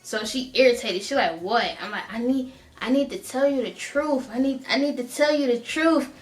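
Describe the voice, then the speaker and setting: Animated young woman telling a story. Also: fairly high pitch, normal speed. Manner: animated, laughs often, slangy asides like bro. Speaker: vlogger. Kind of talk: casual storytelling.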